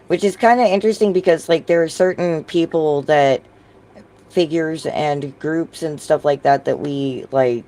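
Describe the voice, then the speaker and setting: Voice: mid-range voice, a little mellow. A podcast host talking casually with many fillers, meandering through ideas over an online voice call. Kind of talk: casual discussion.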